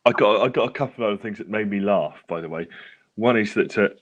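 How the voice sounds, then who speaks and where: A man's voice: on the low side, quick pace, lo-fi sound. A British man co-hosting a casual chat show who laughs a lot and tells anecdotes. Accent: British English. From England. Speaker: podcast co-host.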